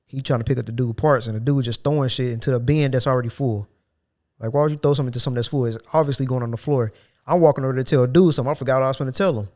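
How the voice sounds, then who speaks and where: A man's voice: medium pitch, very fast, a little mellow. A young man hosting a podcast, telling a work story in loose slang and acting out his coworkers' lines. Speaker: podcast host. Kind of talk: casual storytelling chat.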